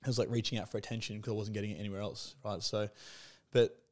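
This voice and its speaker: A man's voice: on the low side, little pitch movement, quick pace. A man in his thirties, speaking as a podcast guest in candid, conversational storytelling; he talks frankly, swears freely and leans on "like" and "you know". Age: 30s.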